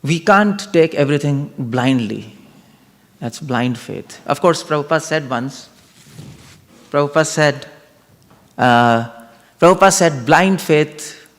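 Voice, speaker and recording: A man's voice: mid-range voice, long reverb tail. A man giving an interactive spiritual lecture, posing questions and reasoning them through with his audience. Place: large temple hall.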